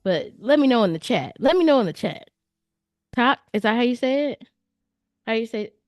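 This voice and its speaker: A woman's voice: on the high side, expressive, normal speed, no echo, clean studio sound. A woman hosting a live stream, chatting casually and playfully with her viewers in a slangy, direct way. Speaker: livestream host reviewing viewer artwork. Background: faint background music.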